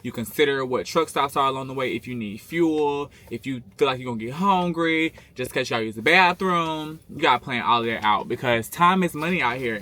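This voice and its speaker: A man's voice: mid-range voice, a little fast, few pauses, bright, forceful tone. A man vlogging casually to camera as a truck driver, chatty and sassy, calling viewers babes and honey. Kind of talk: casual vlog chat to camera. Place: small room, at home or in a truck cab. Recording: echoey room, faint background noise.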